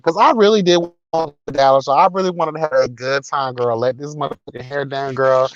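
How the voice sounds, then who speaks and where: A man's voice: medium pitch, a little fast, hardly any pauses, dry recording, lo-fi sound. A man hosting a casual livestream, talking in a sassy, profane, dramatic way. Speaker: livestream host reading chat. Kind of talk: casual chat.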